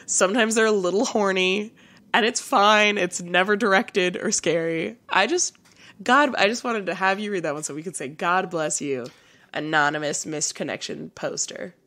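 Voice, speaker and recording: A woman's voice: fairly low pitch, moderate pace, a bit bright. A woman co-hosting a comedy podcast, chatting casually and joking, laughing often. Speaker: podcast co-host.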